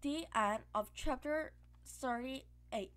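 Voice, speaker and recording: A woman reading a children's novel aloud as an audiobook, in steady narration with frequent slips and restarts. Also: high voice, slow. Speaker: audiobook reader.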